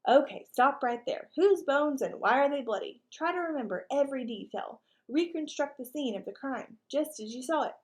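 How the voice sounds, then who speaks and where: Speaking animatedly at a normal pace with few pauses, a woman voices a blustering, self-important male ranch dog. She makes him bossy and pompous, pitching her voice lower than her reading voice.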